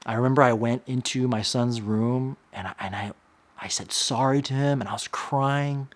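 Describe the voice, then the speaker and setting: A man in his thirties, a pastor, telling a personal confession in an earnest, halting way, often repeating words as he searches for them. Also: mid-range voice, steady tone.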